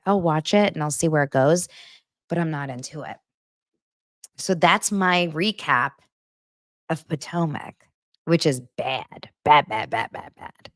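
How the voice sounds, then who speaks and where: A woman's voice: low voice, no room sound, studio quality. A woman hosting a podcast, recapping reality TV in a blunt, sarcastic, casual way. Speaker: podcast host.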